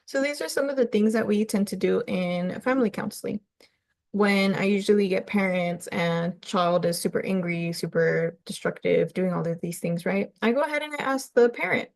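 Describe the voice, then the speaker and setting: A woman's voice: mid-range voice, moderate pace, creaky, a little mellow, no echo. Woman counselor talking parents through stuff, casual, keeps saying right?, pretty dry close sound. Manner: conversational, often tags on "right?". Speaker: family counselor. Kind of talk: webinar presentation for parents.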